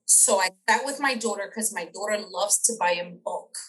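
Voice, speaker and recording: A middle-aged woman, a podcast guest, telling a personal story in casual interview chat. She is animated, acts out the voices of people she quotes and laughs often. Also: medium pitch, moderate pace, crowd noise, low-quality recording.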